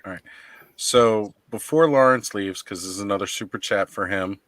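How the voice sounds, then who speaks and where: A man's voice: fairly low pitch, moderate pace, a bit bright, no echo. Easygoing male stream host. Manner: easygoing, reads out viewer messages. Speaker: livestream host. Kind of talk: casual chat. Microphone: video call.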